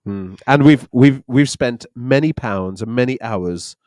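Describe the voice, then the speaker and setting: A man's voice: medium pitch, unhurried, a little mellow, no echo, studio quality. A man, co-hosting a live online church Q&A in a chatty, joking way. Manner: jokey, chatty, laughs often. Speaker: church leader and co-host.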